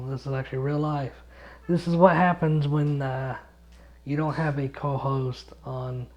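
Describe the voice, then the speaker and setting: Young male solo podcaster, drowsy and rambling, swears freely, slow delivery, muffled lo-fi home mic. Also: medium pitch. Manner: rambling, swears a lot, chuckles often, loses his thread. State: sleepy, yawning. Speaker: podcast host and gaming YouTuber. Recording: dull lo-fi home recording.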